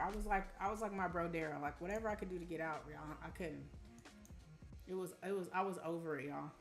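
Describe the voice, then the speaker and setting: A young woman from Arizona chatting casually with her live-stream audience, telling animated stories and calling them y'all. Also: lowish voice, fast talker. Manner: chatty, animated storytelling, addresses chat as y'all. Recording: roomy room with faint music.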